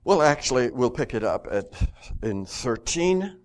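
Reading passages of scripture aloud and quizzing his listeners, a man teaches a Bible study with lively energy. He speaks unhurriedly in a mid-range voice.

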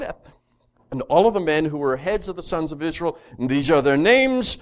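A man's voice: fairly high pitch, fairly quick. A man teaching a Bible study, reading scripture aloud and putting questions to his listeners. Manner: lively, asks the class questions, reads scripture aloud.

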